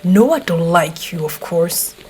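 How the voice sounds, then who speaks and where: A woman voice actor playing a gruff, hot-tempered teenage boy who swears, blusters and gets flustered, speaking to the listener in an audio role-play. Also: fairly low pitch, expressive, measured pace, darkish tone, soft background music, poor audio. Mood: grumpy.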